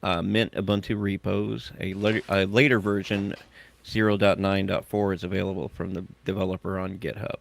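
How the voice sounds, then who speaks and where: A man's voice: deep voice, level tone, moderate pace, creaky. A man hosting a podcast, chatting and joking, then reading tech news items aloud. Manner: joking, self-mocking, reads items aloud. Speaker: podcast host.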